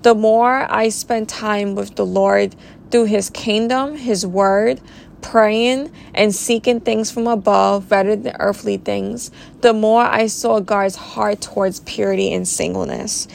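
A woman's voice: mid-range voice, steady tone, takes it slowly, gravelly, darkish tone, a little hiss or hum. A woman hosting her own podcast, sharing a heartfelt personal faith testimony in an earnest, emotional, reflective way. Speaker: podcast host.

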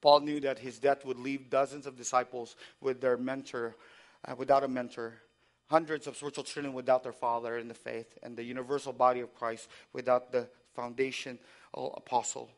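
A man preaching a sermon, moving between quiet, reflective passages and loud, impassioned exhortation, often asking the congregation to respond. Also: mid-range voice, level tone, a little fast. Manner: asks the congregation for call-and-response. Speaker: pastor.

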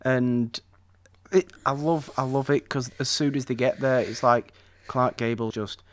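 A man's voice: medium pitch, steady tone, a little slow. A man in casual conversation about a classic film, enthusiastic and rambling, often restarting his sentences.

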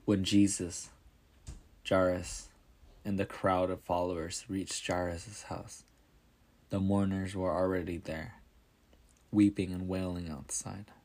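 Slow, low-voiced male storyteller. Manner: calm, measured reading. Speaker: narrator. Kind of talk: scripted storybook narration.

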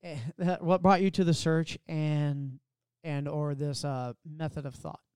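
Higher, smooth-voiced podcast host. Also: male voice, steady tone, a little slow, darkish tone, no room sound. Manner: stumbling, self-deprecating, laughs at his own slips. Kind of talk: casual podcast chat.

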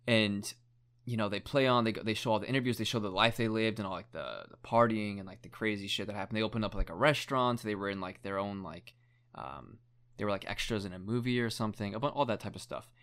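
Rambling young man with a lowish voice. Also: quick pace, fairly bright tone, clean tone. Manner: rambling, heavy use of "like", swears casually. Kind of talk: casual chat, retelling a documentary.

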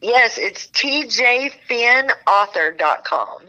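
A woman's voice: fairly high pitch, animated, slow, sharp tone, rough recording. An older woman with a Texas accent, a guest author chatting cheerfully on an interview podcast, laughing often and talking in a Southern drawl. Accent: Texan. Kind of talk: casual interview chat.

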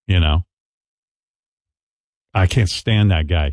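A man's voice: low-pitched, slow pace, a little mellow, dry recording. A man hosting a radio show, ranting and mocking in a profane, casual way from a studio. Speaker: radio host.

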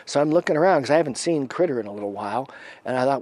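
A man telling a long story in casual talk. He acts out the voices of the people in it and drops to a hush at the tense moments. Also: medium pitch, animated, rapid-fire.

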